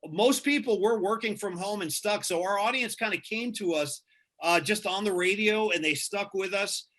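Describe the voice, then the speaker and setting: A man's voice: high voice, moderate pace, fairly bright tone. A man who works as a radio host, answering interview questions in an earnest, casual way and often repeating himself for emphasis.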